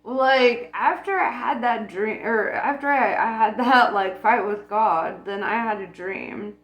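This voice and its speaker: A woman's voice: fairly high pitch, unhurried, highs cut off. A woman talking casually about spirituality, blunt and profane, laughing often. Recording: echoey room with faint music.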